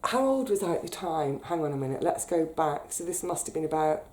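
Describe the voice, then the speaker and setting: A British woman telling a personal story in a chatty, animated way, getting emotional as she recalls it. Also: deep voice, a little fast. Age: 30s. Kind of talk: casual storytelling monologue.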